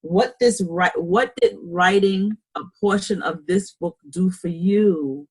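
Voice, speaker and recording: A woman's voice: on the low side, takes it slowly, husky. A woman hosting a book chat, affirming and encouraging her guests. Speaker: host.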